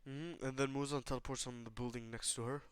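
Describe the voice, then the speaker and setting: A man's voice: mid-range voice, fairly even intonation, fast talker, clear, resonant tone. A man casually narrating a fan-made what-if story, rambling with fillers and swearing.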